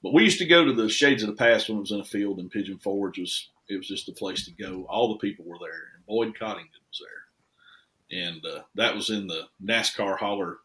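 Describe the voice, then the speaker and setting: A man, a custom truck shop owner telling stories as a podcast guest in a folksy, animated way. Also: fairly low pitch, a little fast. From Tennessee. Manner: folksy, animated storyteller with lively swings in loudness. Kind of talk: casual podcast storytelling.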